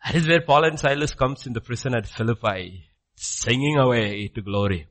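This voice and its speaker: A man preaching a sermon, jumping from loud exclamations to hushed low asides, acting out questions and answers and checking in with "okay?". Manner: acts out dialogue with rapid questions and answers; repeats phrases, frequent "okay?" checks.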